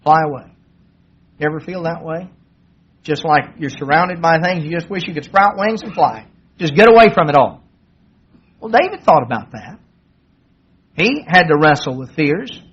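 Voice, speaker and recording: A man delivers a sermon in a plain, conversational way and lifts his voice to act out the lines of the story. His voice sits high and has a husky edge. The recording is dull and lo-fi. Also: expressive, normal speed, pauses often, a bit bright. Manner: conversational, acts out quoted dialogue in a raised voice. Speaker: preacher. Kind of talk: sermon retelling a Bible story.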